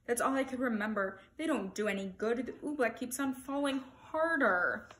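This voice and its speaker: A proud, blustering old king from a picture book barks orders, voiced by a woman reading aloud. He speaks in loud, commanding bursts. The voice sits a little high. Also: normal speed, echoey room, lightly acted. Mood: fretful.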